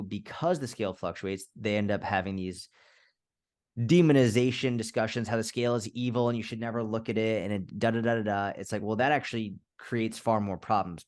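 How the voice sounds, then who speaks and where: A man being interviewed as a fitness coach, speaking casually and candidly, swearing now and then and acting out little scenarios. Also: fairly low pitch. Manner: candid, swears, quick restarts, acts out scenarios. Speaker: fitness coach, podcast guest.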